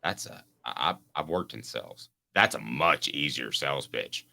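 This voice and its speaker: A man with a very low voice hosts a casual sports talk show. He swings widely in pitch and sounds bright and forceful, often restarting sentences as he works through a point. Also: animated, moderate pace, vocal fry. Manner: rambling, restarts mid-sentence.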